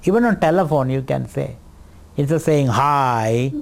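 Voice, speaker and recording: A man giving a spiritual lecture on scripture, teaching in a deliberate, repetitive way. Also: mid-range voice, expressive, vocal fry, a little hiss or hum. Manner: slow, deliberate teaching with repetitions and light laughter.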